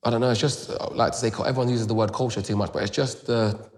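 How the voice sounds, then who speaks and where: A young man with a London accent, telling a story in a casual interview with rapid, animated retelling full of "boom" and "da da" fillers. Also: long reverb tail. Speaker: grime MC, interview guest.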